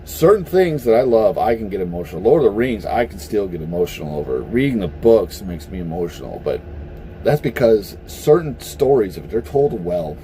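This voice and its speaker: A man's voice: lowish voice, normal speed, a little hiss or hum. A man ranting casually to camera in a blunt, profane, heated way. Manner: animated, heated. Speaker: vlogger. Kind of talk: casual opinion rant.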